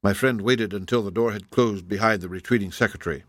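A man narrating a classic story in a formal, even storytelling manner on a close microphone. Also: lowish voice, fast talker, no room sound. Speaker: audiobook narrator. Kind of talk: scripted narration.

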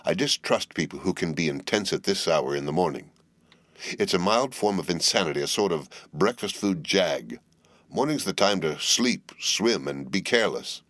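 A man's voice: sits low, animated, normal speed, fairly bright tone, dry recording, studio quality. A man voicing Ardita, a cool, teasing young woman. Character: young woman, bored, witty, flippant heiress.

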